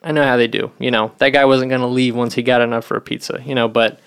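A man's voice: mid-range voice, level tone, fast talker, clean tone. A man telling a long story in casual chat, rambling and swearing, with lots of "you know". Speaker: podcast co-host.

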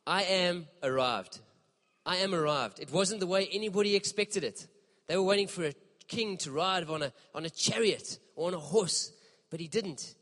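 A man preaching a sermon in a church, impassioned and emphatic, with dramatic pauses. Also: high-pitched, a bit bright, big-room sound. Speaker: pastor.

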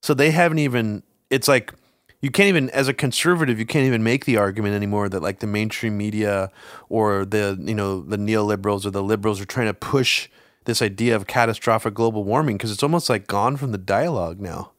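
A man co-hosting a casual political talk show, rambling and swearing, his voice jumping up in pitch when he gets worked up. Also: fairly quick, no room sound, studio quality. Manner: rambling, swears, many fillers and restarts, pitch jumps up when agitated. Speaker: podcast co-host.

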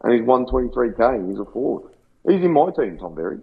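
A man's voice: mid-range voice, very animated, fairly quick, gravelly, breathy edge. A man with an Australian accent, co-hosting a casual sports podcast with brash, sweary banter. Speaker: podcast co-host. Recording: tinny phone-like line.

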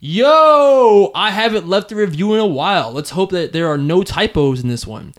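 A man's voice: fairly high pitch, fairly quick. A man co-hosting a podcast, chatting casually, laughing often and reading listener reviews aloud. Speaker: podcast co-host.

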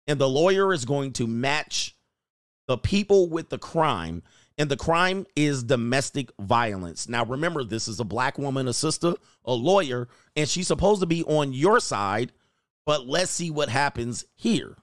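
A man's voice: medium pitch, expressive, unhurried, dry recording, clean studio sound. A middle-aged man hosting casual commentary, slangy and preachy, with laughing asides. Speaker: host.

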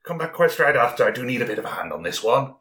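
A man's voice: medium pitch, big pitch swings, fast talker, a bit bright. A man voicing a bumbling old man mentor in a tabletop game, fussy and a little scattered.

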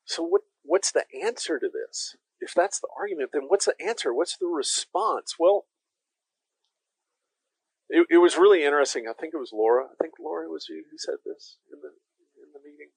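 A man's voice: on the high side, brisk, creaky, breathy edge, no room sound, rough recording. A man preaching a conversational sermon as pastor, emphatic and speaking directly to his listeners.

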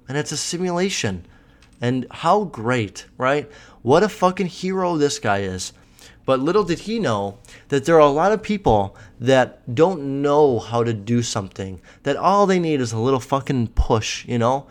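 A young man hosting a solo podcast, talking in a blunt, rambling, profane rant. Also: medium pitch. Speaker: podcast host.

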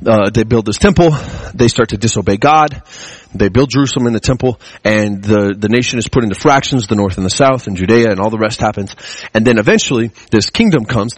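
Starting with an offhand personal anecdote, this male guest preacher wanders, restarts, and laughs frequently, his mood shifting from excited to hushed. His mid-range voice is slightly rough, the recording is rough too, and no room sound comes through.

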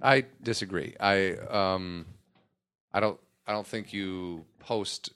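A man's voice: sits low, slow pace, clean tone. A man co-hosting a podcast, joking and swearing through casual banter. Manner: profane, jokey, animated. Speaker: podcast co-host. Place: podcast studio.

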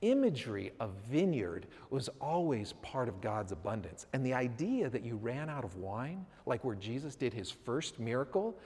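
A man's voice: mid-range voice, sing-song, moderate pace, hardly any pauses, a little mellow, husky. A man preaching a sermon as pastor, talking conversationally and acting out what his listeners might say, in a church. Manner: conversational, acts out voices of listeners. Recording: long hall reverb.

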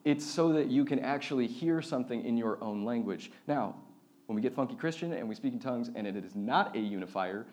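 A man's voice: mid-range voice, lively intonation, brisk, darkish tone. A young man giving a sermon as a pastor, talking casually and conversationally with fillers.

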